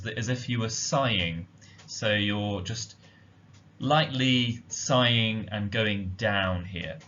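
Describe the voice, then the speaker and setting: A man giving a slide-based language lesson, explaining slowly and carefully with frequent ums. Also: fairly low pitch, fairly bright tone. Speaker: language teacher. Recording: dull lo-fi audio.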